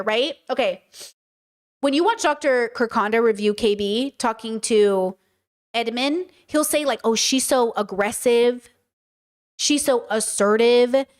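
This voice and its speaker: Young woman podcaster ranting casually, animated, swears a lot, slightly high voice. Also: normal speed. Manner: animated, swears often, mimics people in quoted asides. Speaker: podcast host. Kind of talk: casual monologue to camera.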